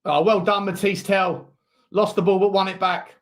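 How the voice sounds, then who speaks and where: A man hosting a live football watchalong, calling the match and chatting to viewers, with sudden loud shouts when chances come. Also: high voice, moderate pace. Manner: excitable, shouts at big chances, chats to viewers.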